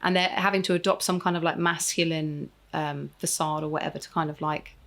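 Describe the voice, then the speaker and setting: A woman's voice: low voice, fairly even intonation, brisk, fairly bright tone. A woman co-hosting a casual podcast chat, speaking hesitantly with many fillers and letting her voice trail off. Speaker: podcast co-host.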